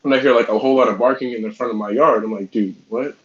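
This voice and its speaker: A man talking fast on a casual podcast, telling a heated story full of profanity. His voice sits in an ordinary middle pitch. The audio is dull and lo-fi. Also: fairly even intonation. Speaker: podcast co-host.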